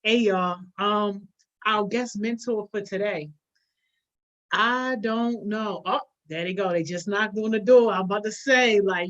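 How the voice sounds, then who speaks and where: A woman's voice: mid-range voice, a little slow, muffled recording. A woman hosting a live stream, upbeat and casual, greeting viewers one by one. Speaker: host.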